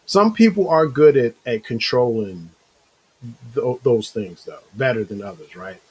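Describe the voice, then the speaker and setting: A man hosting a casual motivational talk show, rambling and animated, acting out inner voices, with a slight cough. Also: mid-range voice, a little slow, breathy edge, poor audio. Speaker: show host.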